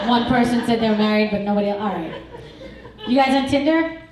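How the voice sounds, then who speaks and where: A woman's voice: medium pitch, unhurried, crowd noise. Middle-aged woman, stand-up comic, brash and crude, echoey club, distant mic. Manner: brash, crude, deadpan self-mocking delivery. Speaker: stand-up comedian. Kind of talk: stand-up comedy set. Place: comedy club stage. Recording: echoey club recorded from far off.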